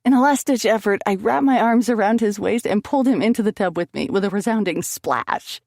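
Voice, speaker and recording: Woman audiobook narrator for first-person romance, mid-pitched voice with a gravelly grain, dry close recording. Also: a little fast, darkish tone, no room sound.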